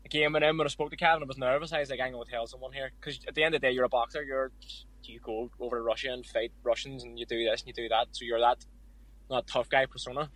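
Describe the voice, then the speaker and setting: Young irish guy on a podcast, quick and candid, dry close sound. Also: medium pitch, steady tone, a bit bright, no echo, low-quality recording. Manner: candid, storytelling with quoted asides. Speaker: guest boxer. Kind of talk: casual podcast interview.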